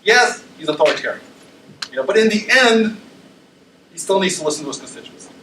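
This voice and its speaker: A man's voice: high voice, sing-song, a little fast, sharp tone, a little hiss or hum. Man lecturing from far back in an echoey room. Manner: conversational, many ums and tag questions. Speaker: university lecturer. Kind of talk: academic presentation. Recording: roomy echo, speaker far from mic.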